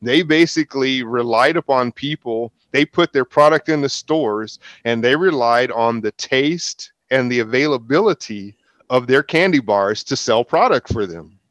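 A man's voice: mid-range voice, moderate pace, fairly bright tone, no room sound. A man hosting a group discussion, explaining points at length and affirming others. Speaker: host.

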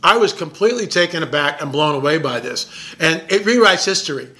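A man who makes documentaries, telling a story in an excited, emphatic way and often repeating his words. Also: on the high side, fairly quick. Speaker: documentary filmmaker. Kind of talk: casual storytelling monologue.

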